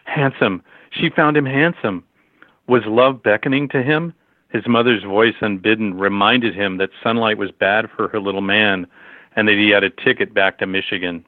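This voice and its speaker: A man with a fairly low voice reads a story aloud at a steady, measured pace. The sound is dry and close, with no room around it. It comes through thin and tinny, like a phone line. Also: no room sound. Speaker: narrator. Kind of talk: storybook narration.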